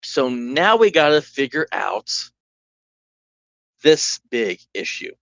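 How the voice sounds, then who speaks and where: A man's voice: mid-range voice, very animated, slow, creaky, fairly bright tone, dry recording. A man casually narrating a solo tabletop game on a livestream, rambling with asides and restarts, on a dull, dry mic.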